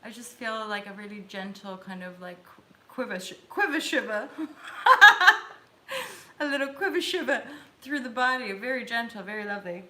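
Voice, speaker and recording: A woman's voice: mid-range voice, animated, fairly quick, sharp tone. A woman, hosting a live tarot stream as casual chat, bubbly and giggly as she talks straight to her viewers. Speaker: host reading tarot cards on a live stream.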